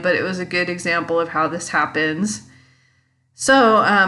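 A woman hosting a podcast, telling personal stories in a chatty monologue and acting out quotes with big jumps in pitch. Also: pushed and bright. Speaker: podcast host.

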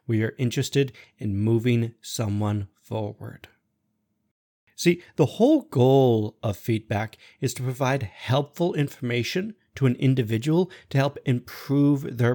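Blunt profane man hosting a podcast. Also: medium pitch. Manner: blunt, profane, animated storytelling. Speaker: podcast host. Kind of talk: blunt monologue on management.

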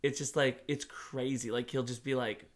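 A man co-hosting a casual game review podcast, talking in a rambling, animated way with lots of filler words and casual swearing. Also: mid-range voice, moderate pace. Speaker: podcast co-host.

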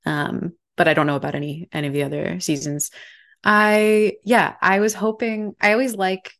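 A woman's voice: on the low side, steady tone, moderate pace, a bit bright. A young woman co-hosting a podcast, chatting casually in an upbeat way with frequent laughs. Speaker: podcast co-host. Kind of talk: casual chat.

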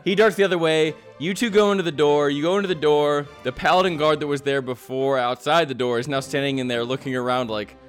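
A man's voice: fairly high pitch, fast talker, few pauses, faint music behind. Male game master, loose narration, laughs often.

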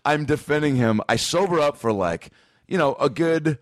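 A man's voice: a little high, lively intonation, moderate pace. Man telling a rowdy story. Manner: acts out voices in quoted dialogue, swears, laughs a lot. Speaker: podcast guest. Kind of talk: animated storytelling.

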